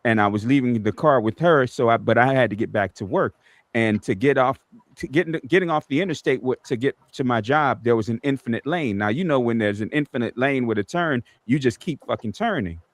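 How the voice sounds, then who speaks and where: A man's voice: medium pitch, brisk, dry recording. A man on a podcast panel, swearing freely and telling a story with lots of energy in casual chat. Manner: profane, animated storytelling.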